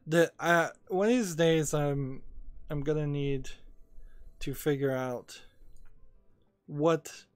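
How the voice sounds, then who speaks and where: A man's voice: fairly high pitch, slow pace, pauses often, clean tone, no echo. A man casually talking over his gaming video as a small YouTube creator, rambling and hesitant with many fillers, a little sleepy.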